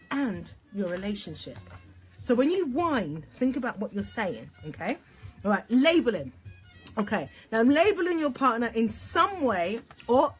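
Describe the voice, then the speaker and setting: A woman relationship therapist giving an instructional talk, animated, checking in often with "okay?" and acting out example phrases. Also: a little high, husky. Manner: acts out example phrases in voices.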